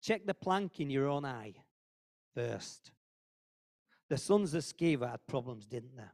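A man's voice: medium pitch, expressive, unhurried, darkish tone. Earnest man preaching. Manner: conversational and earnest, repeating phrases for emphasis. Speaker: lay preacher at a church meeting. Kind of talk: informal sermon.

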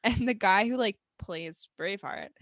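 A young woman chats on a podcast, teasing her co-host and breaking into laughter. Her pitch is ordinary for a woman. The sound is dry and close, with no room around it. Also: moderate pace, a bit bright, dry recording. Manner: playful, laughs often, teasing. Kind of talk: casual chat.

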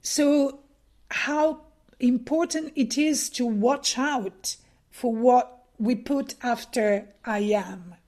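Slow, thoughtful woman with a higher voice. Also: darkish tone. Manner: measured, thoughtful, with many fillers. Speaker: workshop leader, former conference interpreter. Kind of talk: casual conversation.

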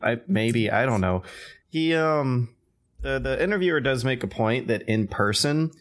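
A man's voice: medium pitch, lively intonation, measured pace. A man co-hosting a casual podcast, rambling with lots of fillers and talking between bites of food. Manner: rambling, filler-heavy, does gruff old-man impressions. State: eating while talking. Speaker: podcast co-host.

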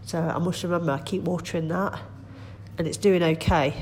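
A woman's voice: lowish voice, steady tone, fairly quick, a little mellow, a little hiss or hum. A middle-aged woman vlogging casually from her kitchen at home, chatty and rambling, nasal and congested with a cold. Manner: chatty, rambling, self-deprecating. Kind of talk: casual chat.

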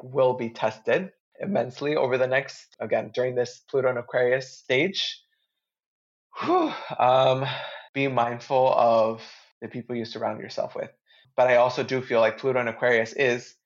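A man's voice: mid-range voice, lo-fi sound. A man talking as a guest astrologer in a casual podcast chat, earnest and heartfelt, with easy slang.

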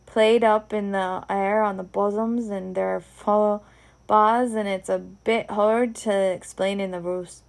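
A woman's voice: mid-range voice, steady tone, measured pace, creaky. A woman with a Scottish accent reading the lines of a big, kindly male groundskeeper giant in a rambling, homely way. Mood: explaining. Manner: rambling, homely Scots speech.

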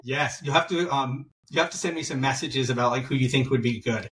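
A man's voice: medium pitch, fairly quick, recorded from a distance, noisy background. Easygoing male podcast host, a bit off-mic. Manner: easygoing, many filler affirmations. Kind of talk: casual interview chat.

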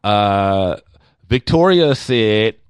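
Reading out listener answers and firing off quick, joking reactions, this man co-hosts a comedy talk podcast in a casual comedic chat. He has a lowish, smooth voice with lively intonation, and there's no echo.

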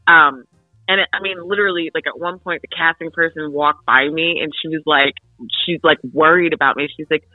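A young woman from the Philadelphia suburbs, an actress guest telling an animated story full of fillers in an interview. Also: low-pitched, fairly quick, no echo, soft background music. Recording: tinny phone-line radio, dry.

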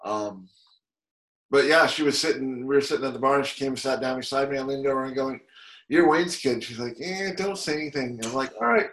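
Podcast host guy chatting, easygoing, lots of ums, average pitch. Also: a little fast, rough recording. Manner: relaxed, hesitant with fillers. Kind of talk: casual chat.

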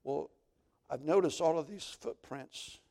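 A man's voice: a little high, a little slow, gravelly, warm tone. A male pastor, preaching a sermon as dramatic storytelling.

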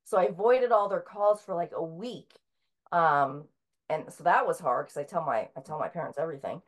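A middle-aged woman with a fairly low voice talks as a guest in a relaxed interview. She tells her story in a loose, conversational way, often pausing on filler sounds and restarting her sentences.

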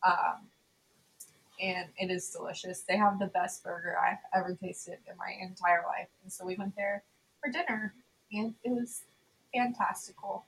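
A woman's voice: medium pitch, steady tone, moderate pace, creaky, slight background noise, poor audio. A young adult woman co-hosting a podcast in casual chat, bubbly, laughing often and using many fillers. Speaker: podcast co-host.

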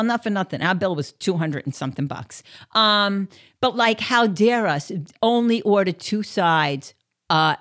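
A woman telling a casual story to the camera, chatty and blunt, with plenty of swearing and filler words. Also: fairly low pitch.

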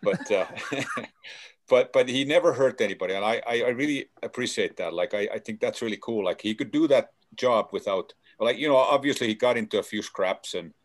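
A man telling stories in a casual chat, halting with many fillers and restarts. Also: medium pitch.

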